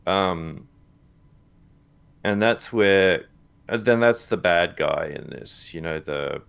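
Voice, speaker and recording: A man co-hosting a live watch party, chatting casually about a TV episode in a halting way, with many fillers, restarts and chuckles. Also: deep voice, creaky, fairly bright tone, smooth. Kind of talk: casual chat reacting to a TV episode. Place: live stream setup.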